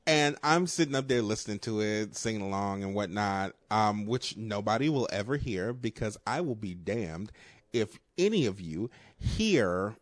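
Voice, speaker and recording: A man's voice: on the low side, animated, normal speed, no room sound. A man co-hosting a podcast, telling rambling stories in casual chat, full of fillers and swearing. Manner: profane, rambling storyteller with frequent fillers. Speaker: podcast co-host.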